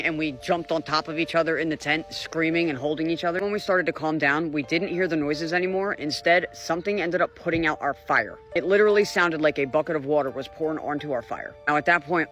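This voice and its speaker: A man's voice: a little high, pushed and bright. A man telling a camping ghost story in an earnest, casual way. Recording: faint music behind.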